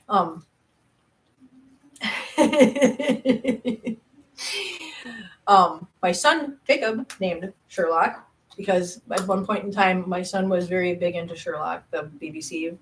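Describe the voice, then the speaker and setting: A middle-aged woman hosting a casual live stream, chatting loosely with viewers, restarting sentences and laughing at herself. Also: mid-range voice. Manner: chatty, rambling, frequent restarts and self-laughs; reads viewer chat aloud. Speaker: YouTube cat channel host.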